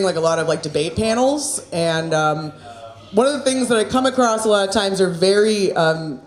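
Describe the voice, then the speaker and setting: A woman in her thirties doing open-mic stand-up, chatty and self-mocking, laughing at her own jokes. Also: medium pitch. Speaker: stand-up comedian. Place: small comedy club, indoors. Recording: echoey club room with crowd laughter.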